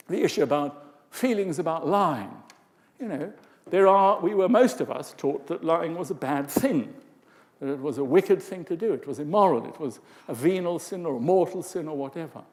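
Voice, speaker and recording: An older man gives a lively conference talk, acting out voices and asides as he goes. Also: fairly high pitch. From England. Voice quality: expressive, lively delivery with vocal demonstrations and asides. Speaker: conference speaker. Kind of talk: lecture to a live audience. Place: large conference hall. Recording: reverberant hall.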